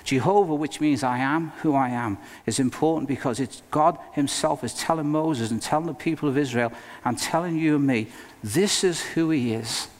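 A male pastor preaching a sermon in an earnest, emphatic way, with dramatic pauses. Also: on the high side. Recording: long reverb of a hall.

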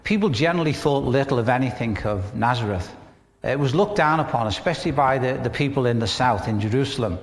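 A man's voice: medium pitch, animated, fast talker, in a large hall. A man with a Northern English accent, preaching a sermon in a conversational way, with rhetorical questions and humor. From northern England. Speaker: pastor.

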